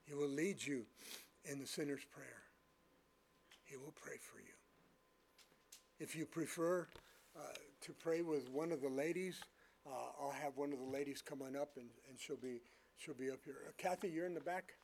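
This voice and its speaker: A male pastor with a slightly raised voice preaches with lively storytelling. He swings from booming to hushed and prays with earnest fervor. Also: normal speed, creaky, long pauses, slight background noise. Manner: earnest, fervent in prayer. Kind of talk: sermon with personal storytelling and closing prayer.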